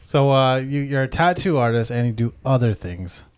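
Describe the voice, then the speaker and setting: Man, podcast host, casual interview, mid pitch. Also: expressive, moderate pace, clear, resonant tone.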